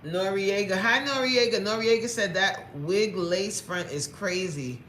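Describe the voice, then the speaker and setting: A woman's voice: medium pitch, measured pace, fairly bright tone, reverberant, a little hiss or hum. A woman fitness coach chatting playfully on a livestream, greeting viewers by name, reading their comments aloud and laughing often.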